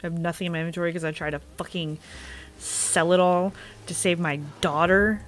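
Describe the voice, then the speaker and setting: A woman's voice: on the low side, steady tone, a little fast, a little hiss or hum. A woman playing a video game and commenting bluntly, with sarcasm and frequent swearing. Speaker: gaming video creator. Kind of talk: let's play commentary.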